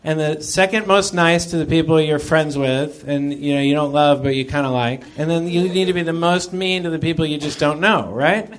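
Halting, high-voiced married man. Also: a little hiss or hum. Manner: halting, repeats words, restarts often. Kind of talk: casual discussion.

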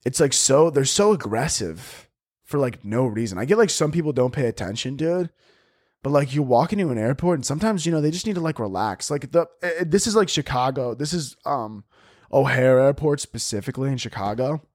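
A young man hosting a podcast, talking in a rambling, profane comedic monologue into a studio mic on a boom arm. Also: lively intonation, a little fast, a little mellow, dry recording. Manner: rambling, profane, acts out stories in voices. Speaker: podcast host.

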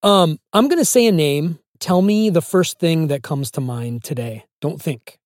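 A man's voice: a little high, unhurried, no echo, studio quality. A man interviewing a guest, asking probing questions with detailed fan knowledge.

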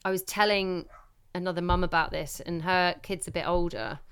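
A woman co-hosting a podcast, telling a story in animated bursts that speed up when she relives the panic. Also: lowish voice, normal speed, clean tone, no echo. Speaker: podcast co-host. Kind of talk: casual chat.

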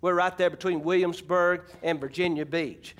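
A man's voice: high-pitched, fairly even intonation, normal speed, fairly bright tone. A middle-aged man from Arkansas, preaching a folksy, emphatic sermon and calling out to his congregation. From Arkansas, USA. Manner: folksy, emphatic preaching with audience call-outs. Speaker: pastor.

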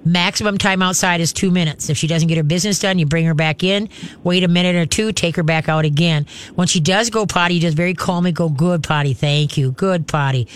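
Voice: medium pitch, steady tone, fast talker, clear, resonant tone. A radio host and dog trainer giving chatty, hands-on advice to callers on a call-in show. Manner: chatty and instructive, acts out dog commands.

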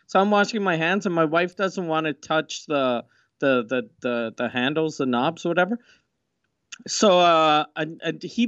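A man's voice: fairly high pitch, a bit bright, no echo. A married man co-hosting a podcast, bantering bluntly and crudely in casual chat. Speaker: podcast co-host. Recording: dull, dry mic sound.

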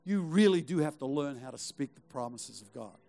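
A man's voice: mid-range voice, expressive, fairly quick, vocal fry, mellow. A middle-aged male pastor preaching a sermon, urging the congregation on with rhetorical questions and repeated phrases. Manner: emphatic, exhorting with rhetorical questions and repetition.

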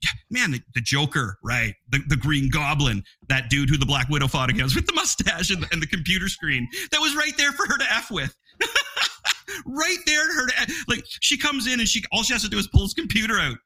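An excitable man on a movie-review panel, his voice bright and forceful and pitched a little high. He laughs often and stumbles over repeated words. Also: fairly quick. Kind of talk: casual panel chat.

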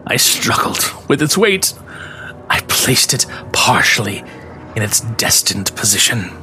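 A man giving a slow, theatrical dramatic reading of a classic horror story, dropping into hushed whispers for dread. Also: fairly low pitch, sing-song, soft background music. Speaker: narrator.

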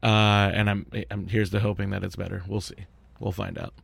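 A man's voice: lowish voice, flat delivery, fairly quick, gravelly, husky, no echo. A man co-hosting a podcast in casual chat, laughing often and trailing off into mumbles. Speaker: podcast co-host.

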